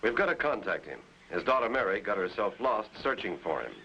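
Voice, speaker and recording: A man's voice: lowish voice, sing-song, fairly quick. An actor playing a brave, firm male pilot hero in a 1950s cartoon. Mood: determined. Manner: firm, commanding. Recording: lo-fi old cartoon soundtrack, hiss.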